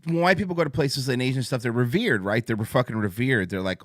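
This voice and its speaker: A man's voice: mid-range voice, expressive, brisk, hardly any pauses, no room sound, studio quality. A man hosting a casual livestream talk show, rambling and profane, amped up on coffee. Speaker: podcast host.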